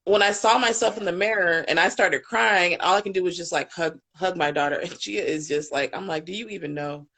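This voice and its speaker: A woman's voice: fairly low pitch, brisk, hardly any pauses, fairly bright tone. Candid, impassioned woman parent coach. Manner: candid, impassioned, swears freely. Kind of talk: live panel discussion.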